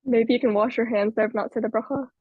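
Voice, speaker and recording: A female student gives quick, casual answers in class. Her voice is husky and dry, and it comes through a thin, phone-like line. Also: on the high side, steady tone, no room sound.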